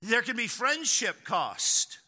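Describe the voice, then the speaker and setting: A man's voice: very high voice, sing-song, takes it slowly, sharp tone. A man preaching a sermon as pastor, chatty and storytelling, who acts out quoted people along the way. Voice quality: conversational, storytelling with acted quotes. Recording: long hall reverb.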